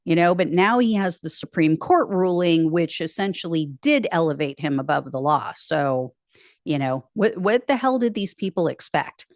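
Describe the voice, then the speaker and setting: A woman's voice: on the low side, animated, moderate pace, dry recording, clean studio sound. A woman hosting a political news show, casually commenting and reading out posts with wry, sarcastic asides.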